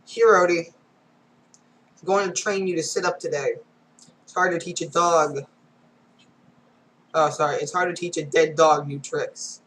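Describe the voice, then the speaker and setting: Comic strip reader, unhurried, bright tone, reads sound effects aloud, casual asides. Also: medium pitch, steady tone, a little hiss or hum, rough recording.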